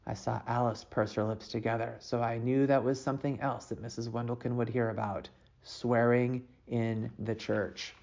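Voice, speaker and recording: A woman reading a storybook aloud with lively, expressive narration. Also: very deep voice, moderate pace, vocal fry, highs cut off.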